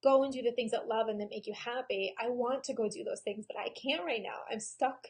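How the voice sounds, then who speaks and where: Woman vlogging, kinda high voice, real open and emotional, lots of ums and pauses. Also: a little mellow. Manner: frank and emotional, with frequent pauses and "um"s. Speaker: photographer and vlogger. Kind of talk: candid personal video diary.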